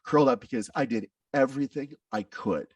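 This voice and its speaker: A man's voice: mid-range voice, a little fast, slightly rough, no room sound, recorded from a distance, dull audio. A man who is a podcast guest tells his own story candidly, with intense, blunt talk and frequent swearing.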